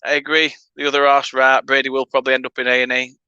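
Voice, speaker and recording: Chatty northern English lad, bright voice. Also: male voice, mid-range voice, monotone, very fast, clean tone, no room sound, lo-fi sound. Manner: chatty banter with viewers, laughing asides. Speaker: fan channel host. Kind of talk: casual watchalong commentary.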